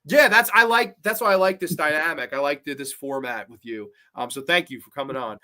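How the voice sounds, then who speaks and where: Male host, high bright voice, enthusiastic casual reviewer. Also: a little fast. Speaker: podcast host.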